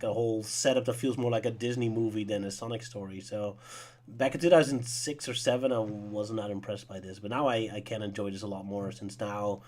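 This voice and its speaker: A young man co-hosting a casual podcast chat, laughing often and giving his opinions with enthusiasm. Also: medium pitch. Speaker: podcast co-host.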